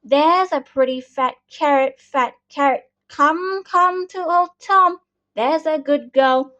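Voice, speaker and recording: A woman voicing a gentle old farmer man who croons softly to coax his cow. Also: high voice, slow pace, full character voice. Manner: soft, crooning, coaxing. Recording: dull lo-fi recording.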